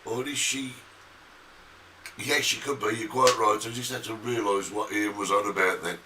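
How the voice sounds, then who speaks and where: A man's voice: fairly low pitch, fairly even intonation, moderate pace. A middle-aged British man co-hosting a casual talk show, chatty and emphatic as he reminisces. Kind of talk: casual chat. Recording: distant mic with faint noise.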